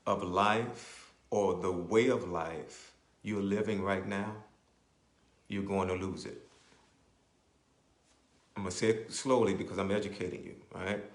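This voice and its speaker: A man delivers a sermon with a somewhat low voice that rings in a roomy, echoing space. He repeats his phrases for emphasis, checks in with his listeners, and slows down to explain scripture. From Maryland, US. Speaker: bishop and radio preacher. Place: church. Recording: roomy echo.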